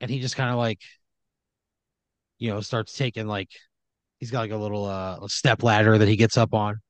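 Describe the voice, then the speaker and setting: A man's voice: fairly low pitch, level tone, moderate pace, no echo. A man improvising a comedic horror story for a player, talking casually, ramblingly and with profanity. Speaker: storyteller running the game.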